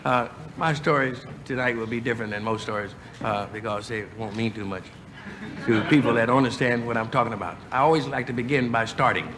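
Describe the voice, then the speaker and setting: Man comic, mid-pitched, unhurried story setup, noisy live room. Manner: halting, easygoing, many "uh" pauses. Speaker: stand-up comedian. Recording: noisy live club recording.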